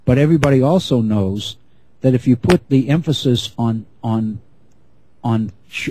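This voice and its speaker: Measured male history lecturer, mellow voice. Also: medium pitch, slightly rough, no echo, poor audio. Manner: measured, repeats and restarts phrases.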